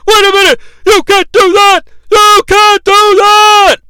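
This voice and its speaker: A frantic announcer shrieks in high, wildly swinging disbelief, put on by a man. The voice is bright and clean, with a dry close sound. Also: little pitch movement, measured pace, no echo, heavily acted. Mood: screaming outrage. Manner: screaming in disbelief. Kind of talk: exaggerated impression of a commentator.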